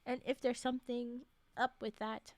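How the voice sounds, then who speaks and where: A woman streamer with a high voice talks casually to her live viewers. She rambles, restarts her sentences and laughs quickly, and the recording sounds dry and close. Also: flat delivery, no echo. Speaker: livestreamer reading stories.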